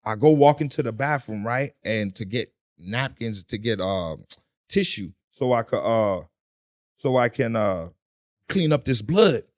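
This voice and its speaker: A middle-aged man in a casual interview, telling a story in animated, profane street talk and acting out the voices. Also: mid-range voice, measured pace. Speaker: guest.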